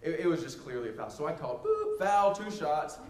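A man giving a sermon built around a personal story, told in a humorous, animated way. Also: fairly high pitch, a little fast. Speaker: preacher. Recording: roomy echo.

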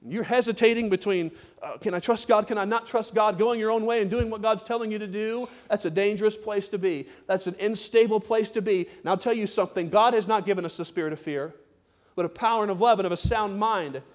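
Preacher man with a high voice, hammering points over and over, pushing the church to answer back. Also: fairly quick. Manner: emphatic, repetitive, prodding the congregation. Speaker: pastor. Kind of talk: sermon. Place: church service.

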